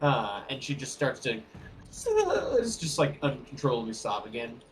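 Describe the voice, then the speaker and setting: Relaxed man running a tabletop game. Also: mid-range voice, normal speed, poor audio. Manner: relaxed, filler-heavy narration. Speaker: game master.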